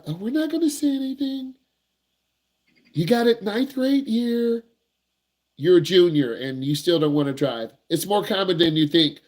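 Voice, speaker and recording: A man working as a driving instructor, giving blunt, repetitive, slangy advice to young drivers in a casual teaching talk. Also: a little high.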